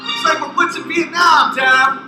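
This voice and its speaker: A man voicing a hyped male football announcer, shouting play-by-play calls over loud music in an echoey recording. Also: very high voice, fairly even intonation, normal speed, voice pushed up.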